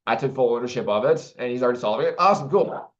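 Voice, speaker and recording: A man's voice: mid-range voice, expressive, racing. A man talking casually to the camera in a rambling way, with many restarts and fillers. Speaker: vlogger. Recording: dull lo-fi recording.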